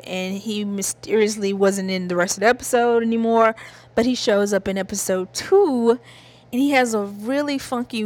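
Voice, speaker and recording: A woman with a Southern US accent, chatting casually about TV shows as a host, giggling and rambling. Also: mid-range voice. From American South. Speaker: TV review host. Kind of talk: casual chat.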